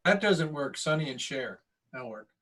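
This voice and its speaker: Higher-voiced man, self-mocking. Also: animated, moderate pace, a bit bright, low-quality recording. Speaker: guest artist. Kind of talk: casual group chat on a video call. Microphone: video call.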